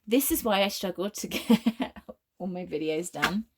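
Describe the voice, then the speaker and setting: Low-voiced rambling British woman reading tarot. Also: lively intonation, a little slow, darkish tone, slight background noise. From United Kingdom. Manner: rambling and free-flowing, goes off on tangents with many restarts. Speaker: tarot reader and medium.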